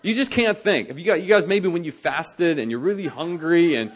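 Animated male pastor preaching. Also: fairly high pitch, brisk. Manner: animated, conversational, acts out quoted voices. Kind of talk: sermon on marriage.

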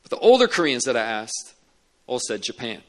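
A man's voice: mid-range voice, very animated, fairly quick, fairly bright tone. A man preaching a sermon as a pastor, telling stories earnestly and repeating key words for emphasis. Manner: earnest storytelling with emphatic repetition.

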